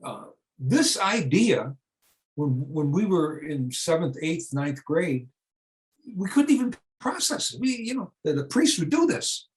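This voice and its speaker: A man's voice: on the high side, sing-song, measured pace, poor audio. A man in his seventies from the United States, talking unscripted to an audience. He speaks in a searching, conversational way, restarting phrases and asking rhetorical questions that he answers himself. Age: 70s. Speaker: speaker on church reform.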